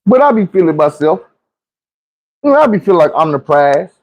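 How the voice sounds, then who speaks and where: A man's voice: a little high, big pitch swings, brisk, darkish tone, dull audio. A man telling a comic personal story in a casual, profane way, acting out the quoted voices. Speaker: storyteller host.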